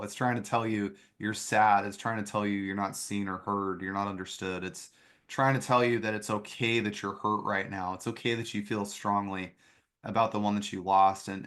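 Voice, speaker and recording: Earnest low-voiced male podcast host. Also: fairly bright tone. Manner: earnest, reflective, with frequent "um" fillers. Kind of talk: conversational podcast interview.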